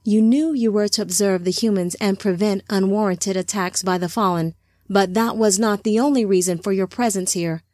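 Woman speaking as a calm, gentle divine lord. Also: mid-range voice, no room sound, clean studio sound, lightly acted. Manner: soft, measured, reassuring.

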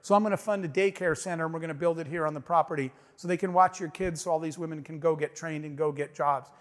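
A man with a high voice gives a motivational talk to a crowd. He tells a story with emphasis and acts out each line of dialogue. The sound rings with the long reverb of a big hall. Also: steady tone, fast talker. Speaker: business owner giving a speech.

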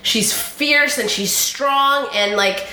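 A woman's voice: sits high, takes it slowly. Gushing young woman in an echoey room. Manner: gushing and animated, says "like" often. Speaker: podcast host recapping a TV series. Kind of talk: casual chat.

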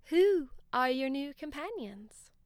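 Woman doing a wise old owl, calm, kindly, hushed and slow, storybook voice. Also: high voice, dry recording, clean studio sound, pitched above the performer's own voice, exaggerated voice. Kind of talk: storybook character voice.

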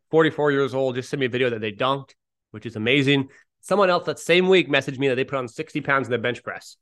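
A man's voice: mid-range voice, fairly bright tone, clear, resonant tone. Rambling, upbeat male podcast host. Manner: rambling, self-deprecating, upbeat. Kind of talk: casual solo podcast chat.

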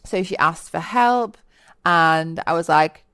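A woman speaks in a lowish voice, recorded close and dry with no room sound. She hosts a solo self-help podcast, earnest and motivational. She acts out remembered lines with bright, lively voices. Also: takes it slowly, clean tone, dry recording. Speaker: podcast host. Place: lives in Bali.

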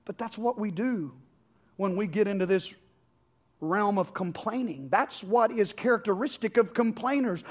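A male pastor preaching a sermon in a conversational style, with rhetorical questions. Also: sits high.

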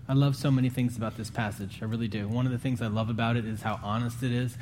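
A man preaching a sermon in an earnest, conversational way, his voice climbing higher when he pleads. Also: steady tone, fast, a little mellow, slight background noise. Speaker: pastor.

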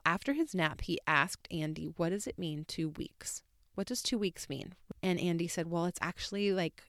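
A woman's voice: lowish voice, smooth, no echo, studio quality. A woman in her thirties, a podcast host, telling a rambling, emphatic story in casual chat with lots of fillers. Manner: chatty, rambling, warmly emphatic with many fillers.

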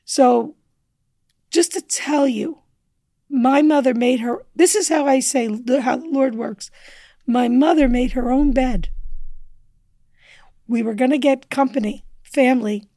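A woman guest on a podcast telling a personal story with earnest feeling, sometimes dropping to a hushed near-whisper. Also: sits high, unhurried, long pauses, no room sound. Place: indoor studio table.

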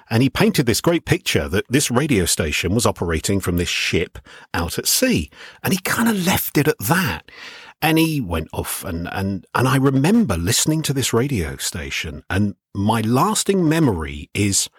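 A middle-aged man, a veteran radio DJ and self-described shy guest, telling animated stories in a radio interview. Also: on the low side, moderate pace, breathy edge, dry recording, studio quality.

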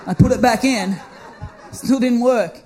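A man with a strikingly high voice preaches to his congregation. He tells stories in a lively, self-mocking way, speeding up in bursts and laughing at himself. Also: unhurried, a little hiss or hum. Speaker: pastor. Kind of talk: storytelling sermon.

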